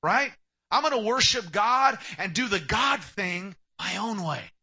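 Bright high-voiced male preacher. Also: animated, a little slow, husky. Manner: emphatic preaching, acts out quoted speakers. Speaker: pastor. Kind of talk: sermon.

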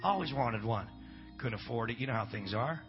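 A middle-aged man preaching a sermon at a church revival, swinging from shouted preaching to chatty storytelling. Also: medium pitch, expressive, a little fast, highs cut off, over music. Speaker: pastor.

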